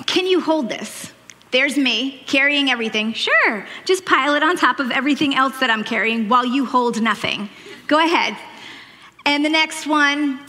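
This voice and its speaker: Woman, 40s, faded Long Island accent, chatty and self-deprecating sermon, fairly high voice, long church-hall echo. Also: sharp tone. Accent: faded Long Island New York. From Long Island, New York. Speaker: church speaker. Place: church stage.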